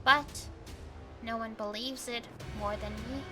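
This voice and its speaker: A woman reading aloud the inner monologue of a grim young man fighting a vampire, in a quiet, measured voice. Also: fairly high pitch, steady tone, over music. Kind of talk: reading visual novel narration aloud.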